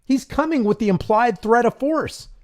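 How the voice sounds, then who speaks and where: A man's voice: very high-pitched, normal speed. A man hosting a live commentary stream, talking in an impassioned, preachy way. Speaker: host.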